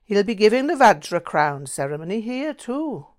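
A woman's voice: mid-range voice, very animated, moderate pace, darkish tone, voice pushed up, lightly acted. A woman reading the lines of a Buddhist man who gives information matter-of-factly, in an audiobook. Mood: informative. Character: courteous British Buddhist man, matter-of-fact.

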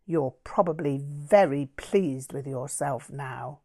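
A woman reading as a petulant young man who accuses and sneers in a raised, higher voice. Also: slow, a little mellow, exaggerated voice. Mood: indignant. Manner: accusing, snappish.

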